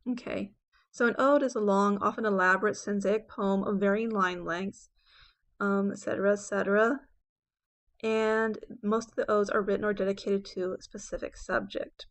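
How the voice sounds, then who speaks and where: A woman professor lecturing on poetry, talking in a conversational teaching way with fillers and checks, and reading verse aloud with dramatic emphasis. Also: mid-range voice. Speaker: English professor.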